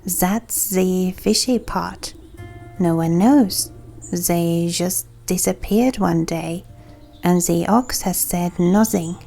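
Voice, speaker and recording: A woman's voice: fairly low pitch, slow pace, gravelly, warm tone, soft background music, exaggerated voice. A woman voicing a hefty male gourd farmer who is competitive and suspicious, with a mild try at a rustic accent.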